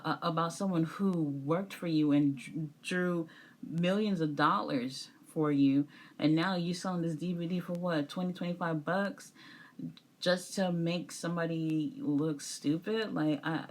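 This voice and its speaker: Woman, low voice, young adult, casual video reviewer, rambling, lots of fillers. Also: darkish tone. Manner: rambling, with many fillers and restarts.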